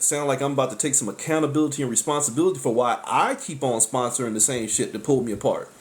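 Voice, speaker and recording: A tarot reader gives a casual spiritual talk, speaking bluntly and swearing along the way. He keeps interrupting himself with exclamations, swinging between sharp, high outbursts and low asides.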